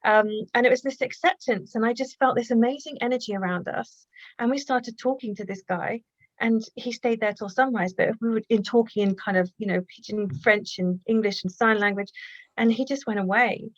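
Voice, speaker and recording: A woman guest telling a personal story in conversation, earnest and reflective, often halting and restarting. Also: fairly high pitch, dry recording, muffled recording. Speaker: guest, healer and author.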